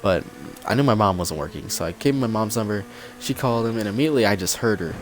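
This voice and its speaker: A man's voice: fairly low pitch, lively intonation, fast talker, soft background music. A young man vlogger casually telling a story while gaming, rambling with lots of "like" and acting out the quotes.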